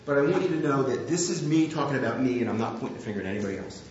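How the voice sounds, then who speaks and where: A man's voice: mid-range voice, expressive, very fast, darkish tone. A man delivers a sermon, telling a candid, self-deprecating story about himself. His voice rings through a strongly echoing room, and the recording sounds a little dull, with faint noise underneath. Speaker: preacher. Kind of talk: sermon with personal anecdote.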